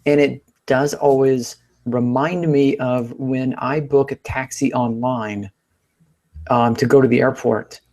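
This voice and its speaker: A man co-hosting a casual panel chat, relaxed and agreeable. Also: mid-range voice, slow. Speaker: podcast co-host.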